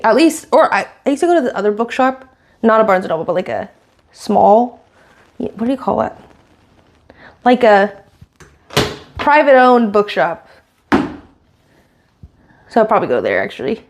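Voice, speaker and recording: A woman's voice: fairly high pitch, very animated, moderate pace, pauses often. A young woman from Washington state, a streamer chatting casually and reading viewer messages aloud while getting ready at home. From Washington state, USA. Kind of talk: casual live-stream chat.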